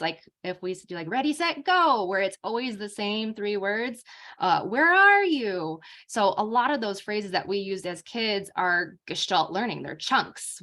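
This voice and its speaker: A woman's voice: mid-range voice, fairly bright tone. A young adult woman giving an informal lecture as a speech therapist, talking casually with many fillers.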